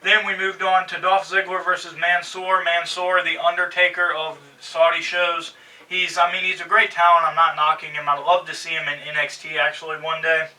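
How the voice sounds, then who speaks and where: A man's voice: fairly high pitch, monotone, moderate pace, bright, forceful tone, distant mic, poor audio. A man hosting a wrestling review show, talking casually and growing exasperated as he rants. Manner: exasperated, ranting, sarcastic. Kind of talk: casual opinionated commentary.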